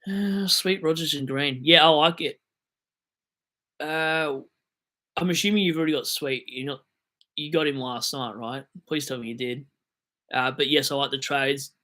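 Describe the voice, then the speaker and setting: A man's voice: on the high side, moderate pace, pauses often, sharp tone. A young Australian man hosting a livestream, reading viewer comments aloud and rambling in a jokey, self-deprecating way. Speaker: livestream host answering viewer questions. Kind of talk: casual livestream chat.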